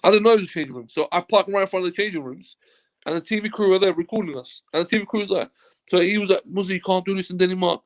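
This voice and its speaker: A man with a high voice races through his words. He's a football agent giving an interview, telling a casual anecdote with lots of animation, acting out quotes and swearing freely.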